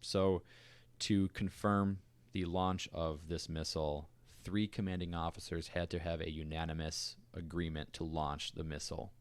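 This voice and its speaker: Very deep-voiced man on a podcast. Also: moderate pace, dry recording. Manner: relaxed and conversational, with fillers and asides. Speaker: podcast co-host. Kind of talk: casual storytelling chat.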